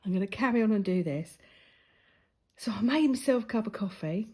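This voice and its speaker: A woman's voice: medium pitch, lively intonation, a little fast, mellow, slightly rough. Breathless, chatty woman. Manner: chatty, self-mocking, laughs often. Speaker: craft vlogger. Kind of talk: casual chat while colouring.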